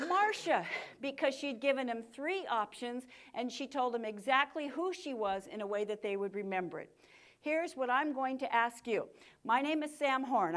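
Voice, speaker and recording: Energetic high-voiced woman speaker. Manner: energetic, punchy delivery with dramatic pauses. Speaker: communication speaker. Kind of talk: live workshop talk to an audience.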